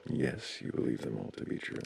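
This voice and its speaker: A man hosting a live call-in show, asking calm, probing questions. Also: a little fast. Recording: music playing behind. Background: music.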